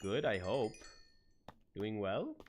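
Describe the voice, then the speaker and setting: A man's voice: fairly low pitch, sing-song, takes it slowly, a little hiss or hum. A man on a live gaming stream, chatting in character with a put-on accent, greeting viewers by name and laughing often. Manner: puts on an accent for his character. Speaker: streamer playing a roleplay character.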